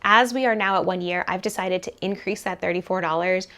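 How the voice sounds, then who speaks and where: A woman talking to camera about her money in an animated, chatty way, full of casual fillers. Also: fairly low pitch, a little fast. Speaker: personal finance vlogger. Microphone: camera mic, leaning toward camera.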